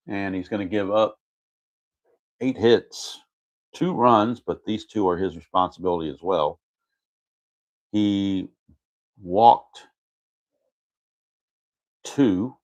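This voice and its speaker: A man narrating his tabletop baseball game replay in a casual play-by-play, methodically reading out dice rolls and chart results and correcting himself as he goes. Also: low voice.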